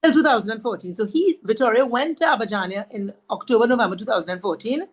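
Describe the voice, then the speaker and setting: A woman's voice: fairly high pitch, fast. A woman from Trinidad, a podcast guest telling a heartfelt personal story, earnest and devout, repeating phrases for emphasis. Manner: devout, speaks of faith warmly.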